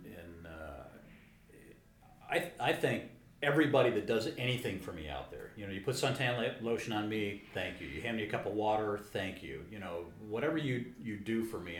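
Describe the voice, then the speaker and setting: A man talking casually as a co-host, earnest and halting, often restarting his sentences. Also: lowish voice, a little hiss or hum. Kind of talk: casual chat. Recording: echoey room with faint ambience.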